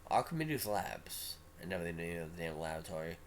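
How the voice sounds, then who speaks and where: A man's voice: low-pitched, monotone, very fast, slight background noise. A male streamer reading a story game aloud, with casual, offhand asides. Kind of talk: reading a visual novel aloud.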